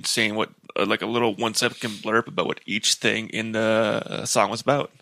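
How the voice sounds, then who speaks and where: A man co-hosting a casual podcast, chatting in a lively way and swearing casually. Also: lowish voice, a little fast, creaky, no room sound. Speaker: podcast co-host. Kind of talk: casual chat.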